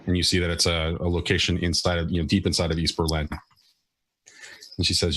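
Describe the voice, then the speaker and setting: A man narrating as game master in a tabletop role-playing game, relaxed, with frequent restarts. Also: deep voice, brisk, slightly rough.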